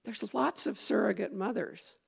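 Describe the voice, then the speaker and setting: A woman's voice: medium pitch, moderate pace, vocal fry, breathy edge. A woman minister giving a conversational sermon, meandering, with fillers and restarts as she goes.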